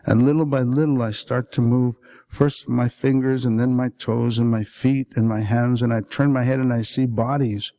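A man reading first-person fiction aloud at a literary event, intense, climbing toward near-shouts at the peaks and slowing to a hush in the grim passages. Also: mid-range voice, steady tone.

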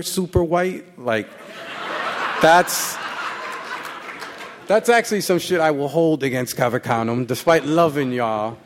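A man with a slightly high voice, an author about to read his work on stage, banters casually with the live audience. He's profane and joking, teasing the crowd, with a little hiss or hum in the recording.

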